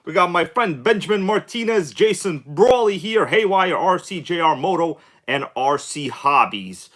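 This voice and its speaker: A man's voice: a little high, lively intonation, normal speed, a bit bright. A man hosting a live stream, talking casually with an upbeat, hyped-up manner and chatty asides to his viewers. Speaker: livestream host.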